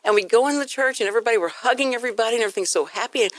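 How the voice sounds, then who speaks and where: A woman's voice: fairly high pitch, very fast, few pauses, dry recording, rough recording. A woman hosting a radio talk show, telling anecdotes and acting out the voices in them. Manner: animated storyteller, acts out voices in anecdotes. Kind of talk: casual radio chat.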